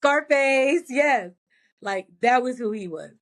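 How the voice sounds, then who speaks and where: A woman's voice: sits high, lively intonation, slow pace. A former prison nurse, a woman, telling blunt and profane stories in a casual interview.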